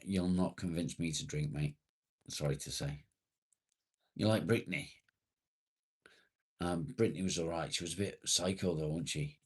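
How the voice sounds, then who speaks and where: A man's voice: deep voice, a little slow, long pauses, slightly rough. A man from England hosting a casual livestream, reading and answering chat comments bluntly and swearing freely. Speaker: livestream host.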